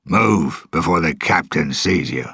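A rough ship sailor, as a storybook narrator puts him on, shouting alarms in a high, strained voice far above the reader's own deep tone. Husky, recorded in a dry room. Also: male voice, lively intonation, a little slow, no room sound, exaggerated voice. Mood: alarmed.

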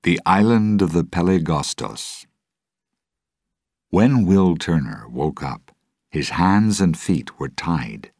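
Very deep, slow male storyteller. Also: no room sound, clean studio sound. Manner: slow, clear, expressive. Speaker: narrator. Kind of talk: audiobook narration of a graded reader.

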